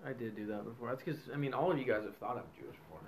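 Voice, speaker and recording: A man's voice: medium pitch, racing, slight background noise. A man co-hosting a podcast, trading playful, quippy comebacks in casual chat. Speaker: podcast co-host.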